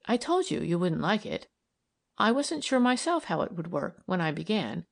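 A woman's voice: mid-range voice, pitched above the performer's own voice, lightly acted. A woman reading aloud and voicing an earnest, idealistic young woman who argues eagerly and persuasively.

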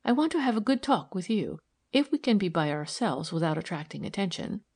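A woman reading the part of a young woman detective, brisk and a little raised in pitch. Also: very animated, a little mellow, husky. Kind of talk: audiobook character reading.

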